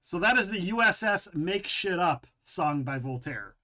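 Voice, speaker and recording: Man, game streamer, high voice, bright tone, joking, rambling, chuckles a lot. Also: animated, unhurried, soft background music. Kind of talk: casual live-stream chat.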